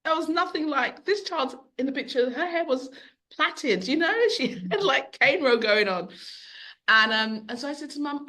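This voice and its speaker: A middle-aged woman who owns a bookshop, speaking as a podcast guest and telling long, animated stories. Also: high voice, unhurried. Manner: animated, long-winded storyteller who acts out quotes. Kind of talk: conversational storytelling.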